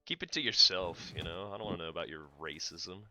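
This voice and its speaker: A man's voice: low voice, expressive, fast, bright, forceful tone. An American man livestreaming a game, chatting casually and teasing his co-host in joking banter. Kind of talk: casual chat while gaming.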